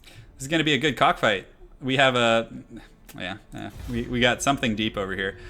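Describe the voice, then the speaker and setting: A man's voice: medium pitch, brisk, pushed and bright. A young man casually chatting through a live stream while setting up a strategy game battle, rambling with lots of fillers. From half Irish heritage.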